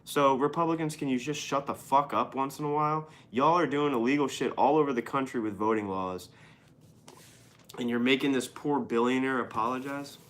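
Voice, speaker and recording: A man's voice: mid-range voice, normal speed, fairly bright tone, slight background noise. A man reads news headlines aloud and riffs on them as host of a casual show. He is irreverent and sarcastic, swearing freely as he comments. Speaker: podcast host reading the news.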